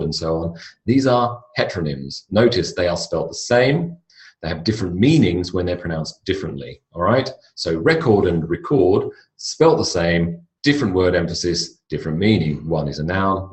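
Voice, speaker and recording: Australian male teacher, low voice, deliberate and repetitive delivery, roomy echo. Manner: slow, deliberate, repeats words for emphasis. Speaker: English pronunciation teacher. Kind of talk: recorded online lecture.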